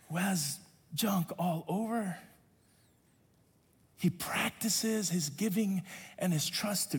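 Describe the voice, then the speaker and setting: A man's voice: sits high, a little mellow, slightly rough, big-room sound. A male pastor preaching a sermon, stretching refrains into half-sung lines.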